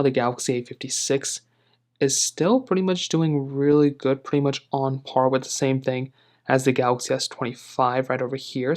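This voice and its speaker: A man narrating a casual tech review in a relaxed, rambling way, with lots of filler phrases. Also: mid-range voice.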